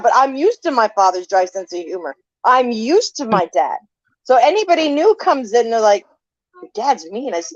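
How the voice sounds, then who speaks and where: A woman's voice: a little high, brisk, dry recording. A woman chatting casually on a stream in slangy talk, acting out the voices in her stories. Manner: slangy, animated, acts out quotes. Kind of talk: casual chat. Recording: dry, dull, lo-fi stream audio.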